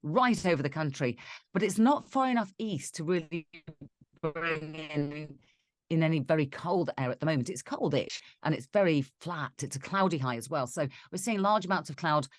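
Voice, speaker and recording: A British woman co-hosting a weather show, talking in a relaxed, conversational way. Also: deep voice, moderate pace, no echo. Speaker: weather presenter. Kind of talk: casual co-host chat.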